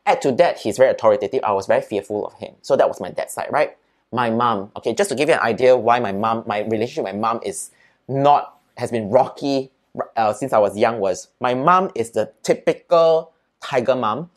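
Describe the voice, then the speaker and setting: A man with a Singaporean accent, a podcast guest, telling childhood stories in a lively, chatty way and often adding "right?" and "lah". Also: mid-range voice, fairly quick. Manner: animated storyteller, peppers speech with "right?" and "lah". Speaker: interview guest. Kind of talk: casual storytelling in an interview.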